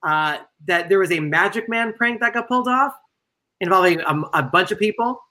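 A host interviewing two guests in a casual chat, asking questions in a halting way between frequent laughs. The voice is bright and sharp. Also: mid-range voice, expressive.

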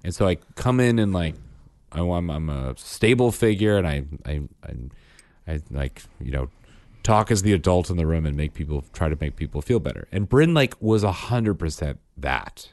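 A man's voice: sits low, animated, moderate pace, darkish tone, dry recording. A man in his thirties co-hosting a podcast in casual chat, rambling and interrupting himself in an earnest way. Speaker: podcast co-host.

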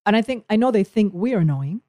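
A woman's voice: medium pitch, expressive, a little fast, dark tone, no echo, clean studio sound. A woman co-hosting a podcast, telling a story in a rambling, emotional way. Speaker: podcast co-host. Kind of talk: casual chat.

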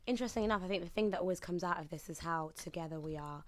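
A woman chatting as a guest in a casual discussion, her voice soft and trailing off. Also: fairly low pitch, very fast, no echo.

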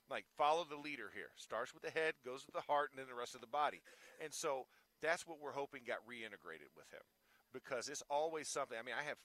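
A former pro football player talking casually and telling stories animatedly. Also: male voice, medium pitch, brisk, no echo. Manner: animated storyteller, acts out quotes. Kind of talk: casual sports talk.

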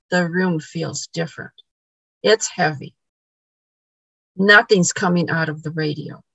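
A woman with a gravelly, husky voice tells a story in casual conversation, stumbling over repeated words and voicing what each person said. The sound is dry and close. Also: lowish voice, bright, forceful tone, no echo, low-quality recording. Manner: repeats words, acts out quoted dialogue. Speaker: podcast guest.

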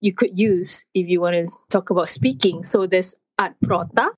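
A woman's voice: fairly low pitch, moderate pace, slightly rough, dry recording, low-quality recording. A woman hosting a casual studio segment, explaining words of the day and acting out her own surprise. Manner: animated, acts out her own reactions. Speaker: host teaching words of the day. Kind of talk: casual studio chat, language lesson.

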